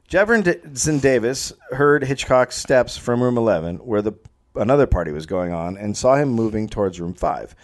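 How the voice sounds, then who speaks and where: Lively man narrating a comedic history tale. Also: mid-range voice, normal speed. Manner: reads the story then riffs with silly voices. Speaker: podcast host telling a history story.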